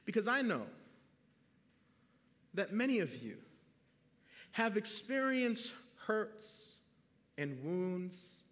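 A man's voice: high-pitched, sing-song, very slow, long pauses, a bit bright, big-room sound. A male pastor preaching a sermon, telling a story with animation and putting questions to the congregation.

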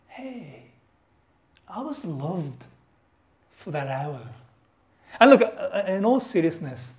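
A man with a fairly high voice preaches a sermon in a lively, conversational way. He jokes, breaks off into asides and keeps checking in with the congregation. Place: church service.

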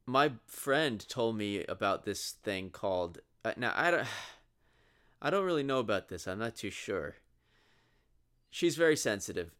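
Bright-voiced joking young man. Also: lowish voice, animated, unhurried. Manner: jokey, mocking voices. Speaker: podcast co-host. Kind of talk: casual chat.

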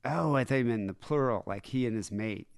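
A man's voice: mid-range voice, fast talker, gravelly, clear, resonant tone, dry recording, clean studio sound. A man co-hosting a casual podcast chat, throwing in wry, jokey asides. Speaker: co-host.

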